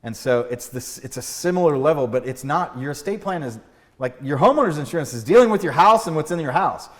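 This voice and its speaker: Animated man talking through a reverberant room. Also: quick pace. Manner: animated storytelling, acts out doctor skits with big pitch jumps; fillers and restarts, laughs at own jokes. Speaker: estate planning attorney, podcast host. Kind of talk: casual podcast chat.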